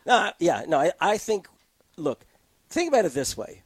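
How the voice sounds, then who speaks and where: Man, talk-show guest, argumentative and animated, dry booth sound. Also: high-pitched, husky, no room sound. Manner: animated, argumentative, quick to laugh. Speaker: political commentator guest. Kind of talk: casual political discussion. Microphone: close studio mic.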